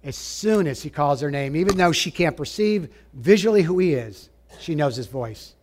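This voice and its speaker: Guy giving a sermon, kinda high voice, swings between loud and hushed. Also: animated, normal speed. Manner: emphatic, rising and falling, drops to a hush for quoted lines; asks the audience direct questions. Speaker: preacher.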